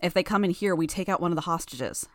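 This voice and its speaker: A woman voicing a blunt, aggressive teenage girl fighter who speaks slowly and flatly. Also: lowish voice, no echo, lightly acted.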